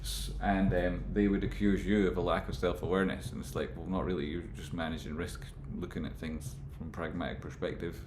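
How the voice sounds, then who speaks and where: A man rambling through casual stock market commentary, with animated, exasperated rants. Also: low-pitched, reverberant, a little hiss or hum.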